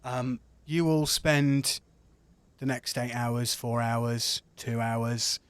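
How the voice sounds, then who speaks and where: A man's voice: medium pitch, steady tone, very slow, clean tone, no echo. A man narrating scenery as game master of a tabletop game, laid-back and chatty.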